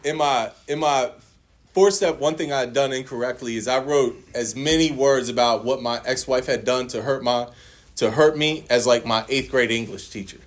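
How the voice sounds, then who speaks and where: A man's voice: medium pitch, normal speed. A man in his forties sharing his recovery story at a meeting, swearing a lot, laughing often and acting out what others said. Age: 40s. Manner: profane, animated storytelling with acted quotes; laughs often while telling. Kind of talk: personal share at a recovery meeting.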